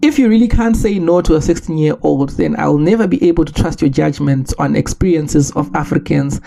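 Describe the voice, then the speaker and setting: A man from Zimbabwe, hosting a solo podcast and making his case in an earnest, measured way with rhetorical questions. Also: on the high side, vocal fry, mellow, soft background music. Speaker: podcast host.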